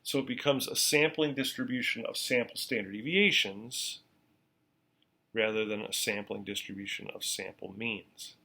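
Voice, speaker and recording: A male university lecturer explaining statistics in a casual classroom lecture, repeating key points slowly and checking in with "okay?". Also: lowish voice, fairly even intonation, creaky, sharp tone, husky.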